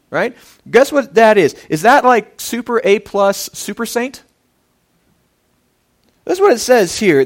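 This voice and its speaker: High-voiced man preaching a sermon. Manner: earnest preaching, voice swelling and dropping for emphasis. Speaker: pastor.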